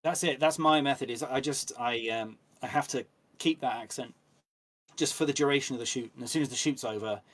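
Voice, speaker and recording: Relaxed English man telling anecdotes. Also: medium pitch, fairly quick. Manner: relaxed anecdotal storytelling with many ums. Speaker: actor guest. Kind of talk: casual interview chat.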